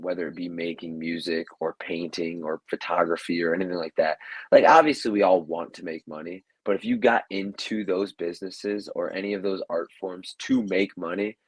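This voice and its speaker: Low husky-voiced man in casual talk. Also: dry recording, low-quality recording. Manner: rambling, many fillers and restarts. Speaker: professional wrestler, podcast guest.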